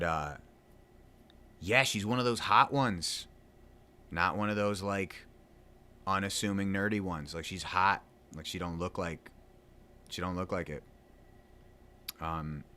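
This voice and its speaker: A man's voice: deep voice, pushed and bright. A man around thirty, chatting loosely and poking fun at himself while he plays a game at home. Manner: loose, chatty, self-mocking, plenty of fillers. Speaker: gaming vlogger. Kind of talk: casual rambling chat while gaming.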